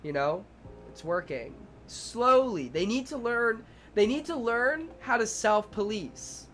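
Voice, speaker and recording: A man's voice: very high-pitched, slow, slight background noise. A young man, a preschool teacher and streamer, chatting casually and animatedly with viewers, acting out his own and the children's lines and swearing freely. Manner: animated storytelling, acts out kids and himself, swears casually.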